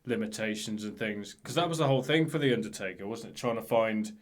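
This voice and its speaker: A man's voice: fairly low pitch, quick pace. A man co-hosting a podcast, telling stories in a rambling, hesitant way. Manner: rambling, hesitant, lots of fillers. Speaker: podcast co-host. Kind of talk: casual chat.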